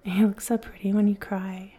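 A woman voicing a flirty, caring female bartender in a whispered role-play, speaking softly, slowly and soothingly, with a teasing edge. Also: mid-range voice, flat delivery, husky, natural voice. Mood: tender. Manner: soft, slow, soothing, teasing.

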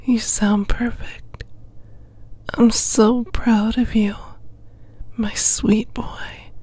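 Woman, whispered role-play ASMR; breathy hush throughout, unhurried commanding delivery. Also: a little high, flat delivery, no echo. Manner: slow, commanding, coaxing whisper. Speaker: ASMR performer.

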